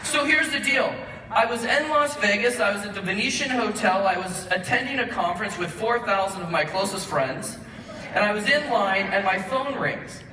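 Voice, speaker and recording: A man giving an animated acceptance speech in a large hall, telling a story and acting out both sides of the conversation. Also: high voice, moderate pace, crowd noise. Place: large event hall with audience. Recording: roomy hall sound from a distant mic, faint noise.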